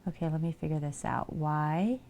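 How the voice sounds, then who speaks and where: A woman chats on her home live stream with a lower-than-usual voice. She talks casually to viewers and sweet-talks her cats. A faint room ambience sits under her voice. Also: moderate pace, a little mellow, slight background noise. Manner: chatty, coos at her cats and greets viewers by name.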